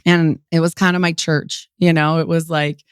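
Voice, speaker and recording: A woman in her forties from Utah, a podcast guest telling her story in a lively way, acting out what people said and laughing often. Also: low-pitched, normal speed, clean tone, no room sound, studio quality. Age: 40s. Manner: animated, quotes people in lively voices, many "like" fillers. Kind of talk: storytelling interview.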